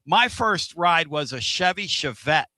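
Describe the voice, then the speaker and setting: A man hosting a sports radio show, energetic and rambling, laughing often between stories. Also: on the high side, unhurried, dry recording. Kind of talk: excitable sports radio chat.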